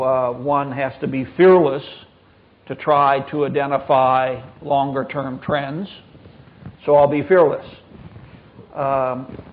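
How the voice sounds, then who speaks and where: A man on a panel giving a slow, halting answer with many pauses and fillers. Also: mid-range voice. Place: conference hall. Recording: tinny phone-like recording with faint noise.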